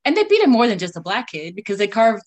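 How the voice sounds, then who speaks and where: A woman author in a casual podcast chat, quick to laugh and exclaim. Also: fairly high pitch, sing-song. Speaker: author and co-host.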